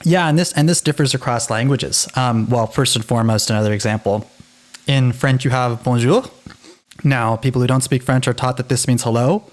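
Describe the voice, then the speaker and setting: Male co-host, casual podcast chat, animated delivery with restarts, mid pitch. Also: fairly quick. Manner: animated, self-interrupting.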